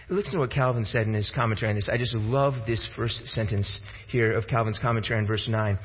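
A man's voice: fairly low pitch, fairly even intonation, quick pace, few pauses, slightly rough. A man preaching a sermon, emphatic and repeating words as he starts his thoughts. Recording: reverberant hall, dull lo-fi sound.

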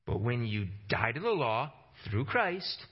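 A male preacher delivering a sermon with fervor, his voice climbing to emphatic peaks before sinking low to press a point home. He often doubles words as he launches a phrase. The recording is slightly muffled and lo-fi, with a mid-range voice. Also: very animated, unhurried, slightly rough. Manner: passionate, rising to emphatic peaks and dropping low for stress; repeats words when starting phrases.

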